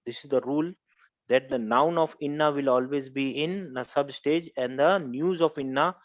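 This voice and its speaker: A man's voice: a little high, lively intonation, normal speed, gravelly, dry recording, muffled recording. A man teaching Arabic grammar in a class, repeating each point and quizzing students step by step. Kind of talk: classroom lecture.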